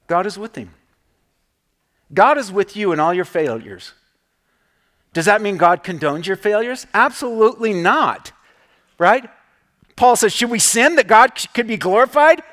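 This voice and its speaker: A middle-aged pastor with a fairly high voice delivers a sermon. He tells stories casually and leans on "right?" asides. His pitch sits on the high side for a man. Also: expressive, measured pace, long pauses, a bit bright. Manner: conversational storytelling with frequent "right?" asides.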